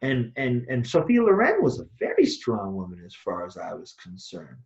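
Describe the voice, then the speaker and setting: Swearing liberally and talking bluntly, a Taoist teacher co-hosting a relaxed discussion goes on an animated rant. He speaks at medium pitch and normal speed with vocal fry, and the recording is echoey, dull, and lo-fi.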